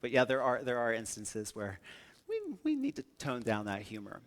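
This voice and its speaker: A young man from the northern United States giving a humorous keynote talk, with a playful, energetic, jokey delivery. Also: mid-range voice, moderate pace. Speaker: conference speaker.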